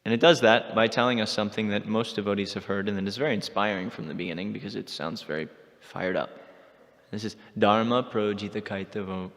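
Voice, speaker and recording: A man giving a scripture class in an animated storytelling manner, in a temple hall. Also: fairly low pitch, fast talker. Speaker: class speaker.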